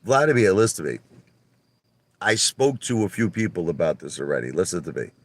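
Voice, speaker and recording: A Brooklyn-accented man hosts a livestream from his car, ranting casually at a fairly quick pace. He curses and stays animated, going from loud bursts to hushed muttering.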